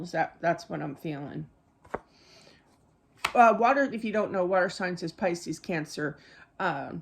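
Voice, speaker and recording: A woman's voice: fairly low pitch, vocal fry. A middle-aged woman giving a live psychic reading to viewers. She rambles in a chatty way, with many fillers and side stories. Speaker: psychic medium.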